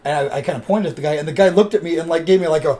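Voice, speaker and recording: A man hosting a podcast, chatting casually and telling stories with animated delivery. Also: fairly high pitch, rapid-fire. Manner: animated storyteller. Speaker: podcast host. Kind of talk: casual chat.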